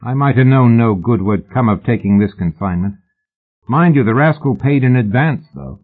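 A man voicing an easygoing working-class bill-sticker boss who talks in a cheerful, folksy, unhurried way, in a storybook reading. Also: medium pitch, lively intonation, lightly acted. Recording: tinny phone-like audio.

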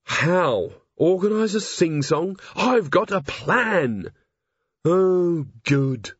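Man voicing a young woman officer, brisk, sardonic, husky, dry. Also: high-pitched, very animated, no echo, dull audio, pitched above the performer's own voice, heavily acted.

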